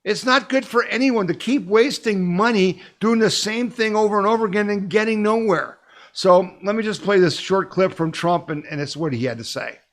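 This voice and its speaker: A man's voice: high-pitched, normal speed. Urgent, emphatic male podcast host. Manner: emphatic, urgent, calls listeners to action. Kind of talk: weekly news commentary.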